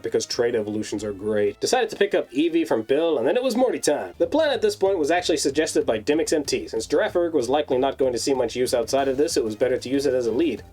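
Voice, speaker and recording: Fast, animated man narrating a game recap. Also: a little high. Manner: sarcastic, wry asides. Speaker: video host. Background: faint background music.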